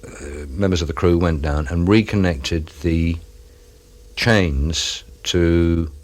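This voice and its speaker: A man who served on an offshore radio ship tells, in an interview, a wry tale of events at sea, with quick asides. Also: sits low, steady tone, a little mellow. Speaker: former crew member of an offshore radio ship. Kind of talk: reminiscing in an interview.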